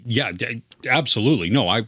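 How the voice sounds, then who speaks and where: A man's voice: mid-range voice, expressive, brisk, a bit bright, no echo, studio quality. A man co-hosting a casual movie review podcast, earnest and rambling, with many fillers and restarts. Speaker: podcast co-host.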